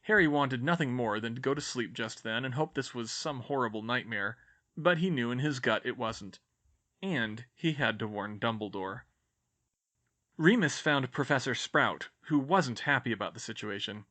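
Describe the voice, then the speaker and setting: A man narrating a fan fiction audiobook chapter in an expressive, dramatic reading style. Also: medium pitch, normal speed.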